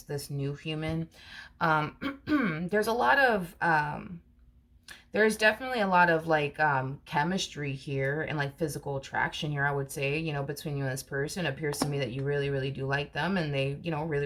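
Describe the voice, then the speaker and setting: A woman's voice: low-pitched, fairly bright tone. A woman giving a casual tarot reading to her viewers, chatty and repetitive, with many fillers. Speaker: tarot reader.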